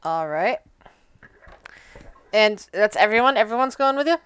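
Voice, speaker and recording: A woman narrating as game master, calmly directing the players. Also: mid-range voice, unhurried, background noise.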